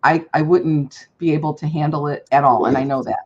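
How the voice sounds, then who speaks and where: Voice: mid-range voice, brisk. Chatty speaker on a dull video call. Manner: chatty, relaxed, with frequent fillers and agreement. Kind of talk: casual chat. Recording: dull lo-fi call audio with faint noise.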